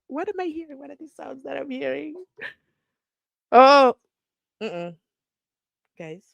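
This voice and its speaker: A woman's voice: sits high, creaky, no echo. A woman hosting a casual livestream from home, chatting, laughing often and reading viewer comments aloud. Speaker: livestream host.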